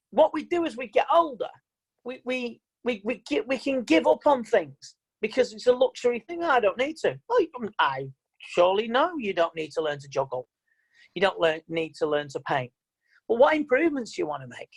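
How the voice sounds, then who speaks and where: A man's voice: extremely high pitch, very animated, normal speed, slightly rough, low-quality recording. A man giving an online motivational seminar as a mind coach, talking in an emphatic, plain-spoken and repetitive way over a video call.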